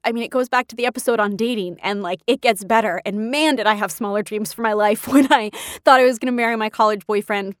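Woman, 30s, podcast host, higher-pitched, emotional storyteller, dry mic. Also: no room sound. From California. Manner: chatty, emotional, laughs often. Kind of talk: personal storytelling.

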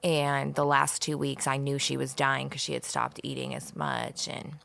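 A woman's voice: a bass voice, flat delivery, moderate pace, creaky, a bit bright. A woman co-hosting a podcast, telling personal stories bluntly with lots of swearing. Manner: blunt, profane, teasing. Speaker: podcast co-host. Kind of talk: casual chat and storytelling.

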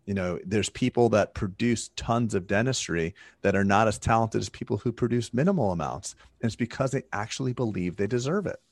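A man co-hosting a podcast, talking in a relaxed way with lots of fillers. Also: on the low side, a little fast, few pauses, no echo. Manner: relaxed and talkative, full of fillers. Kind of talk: casual conversation.

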